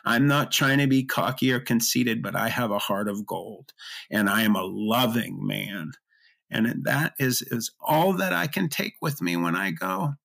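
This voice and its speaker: Gravelly middle-aged man, earnest. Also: mid-range voice, fairly bright tone. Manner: earnest, emotional, halting restarts. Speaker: interview guest. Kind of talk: personal storytelling.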